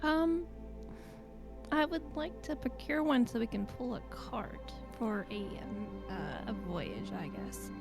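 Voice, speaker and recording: A woman's voice: a little high, animated, takes it slowly, over music. A woman playing in an online tabletop game, giggly and hesitant. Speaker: player.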